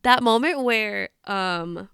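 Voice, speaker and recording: A young woman co-hosting a casual book podcast, animated and laughing as she retells scenes. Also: medium pitch, slow pace, creaky, clear, resonant tone, no echo, clean studio sound. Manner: animated, laughing, acts out character lines. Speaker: podcast co-host.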